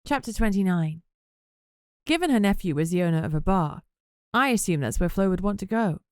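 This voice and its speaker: A woman's voice: mid-range voice, animated, brisk, clean tone, no room sound, clean studio sound. Woman narrating a chatty audiobook. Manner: first-person narration with wry, chatty asides.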